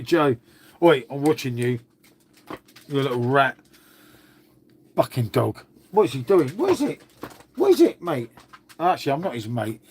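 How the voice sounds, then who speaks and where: A man hosting a casual livestream, chatting to viewers and swearing freely as he talks to his dog. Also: a little high. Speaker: livestream host. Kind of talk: casual live chat with viewers.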